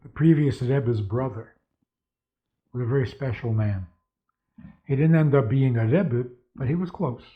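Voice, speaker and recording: A man's voice: medium pitch, unhurried, long pauses. Man teaching over a tinny line. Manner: rhetorical questions, storytelling. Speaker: rabbi. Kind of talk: spoken lecture with stories. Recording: tinny phone-like sound.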